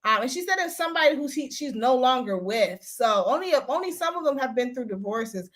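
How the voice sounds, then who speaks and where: A woman's voice: sits high, expressive, fairly quick, a bit bright. A young woman hosting a gossip recap show, ranting bluntly and profanely in casual commentary.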